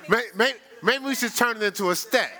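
A man's voice: very high-pitched, fairly quick, crowd noise. A male pastor preaching a sermon, playful and teasing with his congregation.

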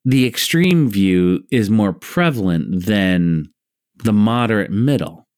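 A man's voice: fairly low pitch, slow, dry recording, studio quality. Joking, cursing podcast co-host man. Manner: joking, swearing, animated with laughs. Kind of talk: casual chat.

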